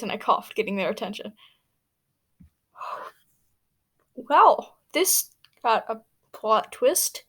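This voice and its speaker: A young woman reads a fanfic aloud in a loose, chatty way, breaking off for rambling asides. Her voice sits fairly high. The delivery is unpolished and informal. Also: fairly bright tone. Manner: rambling, with fillers and self-commentary. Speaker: reader. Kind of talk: casual fanfic reading.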